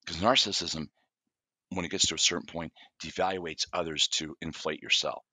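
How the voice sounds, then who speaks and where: A man's voice: sits low, normal speed, slightly rough, no echo. A middle-aged man, a therapist guest on a podcast, telling stories from his practice and acting out what his clients say. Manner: animated storyteller, acts out client dialogue. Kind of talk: conversational podcast interview.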